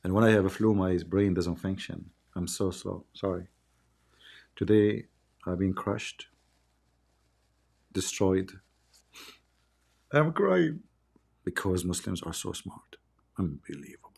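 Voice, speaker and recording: A man hosting a live debate stream while sick with the flu, his voice low and gravelly with creak. He needles callers in a sarcastic, mocking tone, using broken English grammar, over a stream mic. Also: steady tone, unhurried, pauses often, darkish tone. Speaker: debate host.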